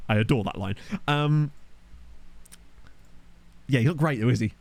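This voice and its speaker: A man's voice: medium pitch, measured pace, vocal fry, long pauses. A man giving casual let's-play commentary at a desk microphone, chatty, swearing freely and laughing at his own jokes. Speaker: gaming YouTuber. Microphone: desktop USB microphone.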